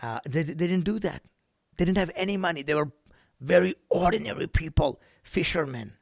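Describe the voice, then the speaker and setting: A middle-aged man from India preaching a sermon as a guest pastor, moving from quiet reflection to loud, emphatic bursts with rhythmic repetition. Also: fairly high pitch, normal speed, gravelly, no echo, studio quality. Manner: repetitive, rhythmic preaching with frequent "right?" and "amen?".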